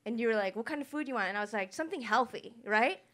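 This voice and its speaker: A woman's voice: on the high side, animated, racing, fairly bright tone. A woman comedian, a guest on a live podcast, teasing the host and telling stories about him. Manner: teasing, storytelling, laughs often.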